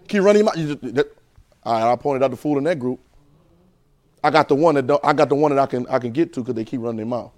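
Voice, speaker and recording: A man preaching a sermon, emphatic and repetitive, who swings from shouts to quiet asides and keeps asking the congregation rhetorical questions in colloquial speech. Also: mid-range voice, fast talker, long pauses, no echo.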